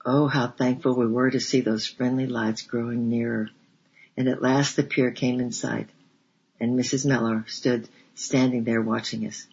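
A man narrating a storybook in a measured, steady reading voice. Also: medium pitch, gravelly, husky. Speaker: audiobook narrator. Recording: dull lo-fi recording.

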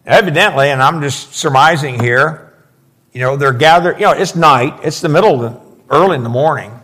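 A man's voice: a little high, brisk, pushed and bright. A man preaching a verse-by-verse sermon, explaining scripture with emphatic, folksy asides.

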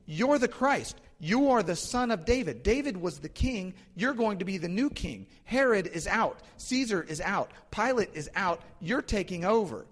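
A preacher acting out a bold, desperate blind beggar. His cries are raised and pleading, pitched up from the preacher's own voice. A long hall reverb trails each call. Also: very animated, slow pace, pauses often, fairly bright tone, exaggerated voice. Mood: proclaiming.

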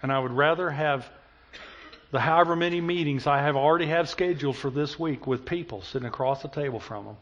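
Male pastor, fairly high voice, sermon delivery rising to passion; dull lo-fi recording. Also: fairly quick, a bit bright. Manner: storytelling, builds to impassioned emphatic preaching.

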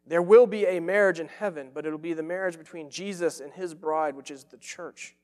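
A man preaches with an earnest, emphatic delivery, leaning on repeated phrases to drive each point home. His voice sits a little high for a man, and it rings out with a long reverb tail, as if he were in a large sanctuary. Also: brisk, a little mellow. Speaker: pastor. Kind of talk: sermon.

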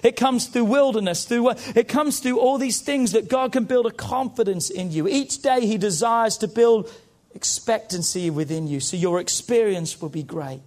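A man's voice: sits high, normal speed, darkish tone. A man preaching an impassioned sermon as pastor, rising and falling with call-outs to the congregation.

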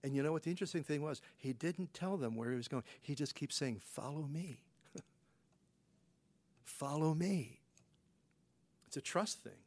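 A man's voice: a little high, lively intonation, fast, hardly any pauses. Folksy male pastor preaching conversationally. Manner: folksy, rhetorical questions, frequent "you know" fillers. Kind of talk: conversational sermon.

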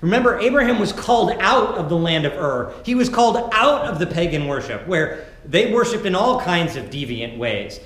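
A male pastor preaching a sermon and reading scripture dramatically, moving between loud calls and hushed narration. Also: sits high, sing-song, normal speed, few pauses. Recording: very echoey hall, faint background noise.

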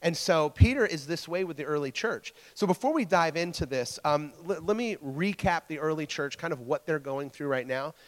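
A man delivers a relaxed, conversational sermon in a fairly high voice for a man. He trips over and repeats words as he talks, tossing questions back at his listeners. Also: normal speed, hardly any pauses, long reverb tail. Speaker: preacher teaching a church group. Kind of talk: casual interactive sermon.

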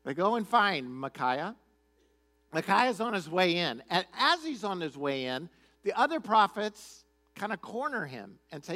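Animated high-voiced male pastor. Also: a little slow. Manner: animated, chatty, conversational. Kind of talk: sermon storytelling.

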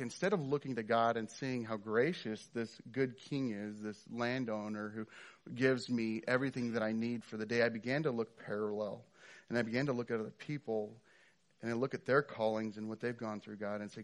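A man's voice: on the low side, steady tone, normal speed. A middle-aged man preaching a sermon in a conversational way, with frequent fillers and restarts. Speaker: pastor.

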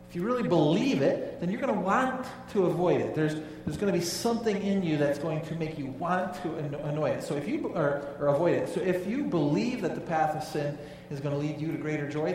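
A male pastor with a high-pitched voice preaches in a church sanctuary, emphatic yet conversational, often questioning the congregation. The echoey hall makes him sound far off, with a little hiss or hum.

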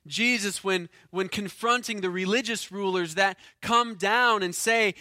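A man preaching a sermon as pastor, earnest, rising to forceful emphasis and then dropping low and quiet, often repeating words as he restarts. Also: a little slow, few pauses, dry recording, clean studio sound.

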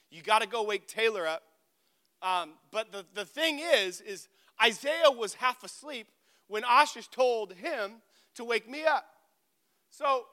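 High bright-voiced young pastor telling stories. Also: male voice. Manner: storytelling with self-deprecating humor and acted dialogue. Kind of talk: sermon.

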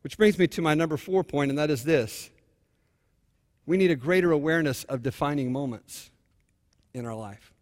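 A male pastor preaching a sermon, telling a story and moving between hushed and fervent delivery. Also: fairly high pitch, moderate pace, long pauses, long reverb tail.

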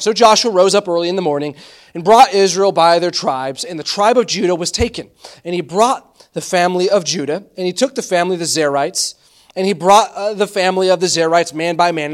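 A male pastor preaching a sermon, animated, acting out quoted voices and often restarting his phrases. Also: high-pitched.

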